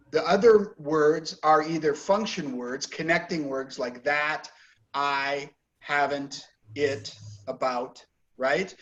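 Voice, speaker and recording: A man's voice: on the high side, muffled recording. A man teaching an online English class, patiently correcting pronunciation and sentence stress. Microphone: video call.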